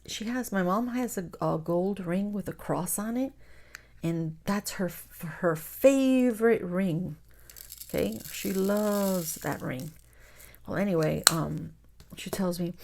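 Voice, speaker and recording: A gravelly, darkish, lowish voice moves at an unhurried pace as this woman crafts on her channel. She's chatty, spins stories, calls viewers "guys," and sometimes drops to a whisper.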